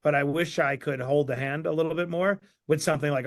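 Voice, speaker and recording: A man speaking as an author guest in a live online Q&A, energetic and emphatic. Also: on the high side, a little fast, dry recording.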